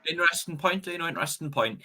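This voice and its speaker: A man's voice: a little high, animated, very fast, sharp tone. A young man hosting a fan live stream, chatting and reading out viewer comments with plenty of stumbles and repeats. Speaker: fan channel host reading the live chat. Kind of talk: casual live-stream chat.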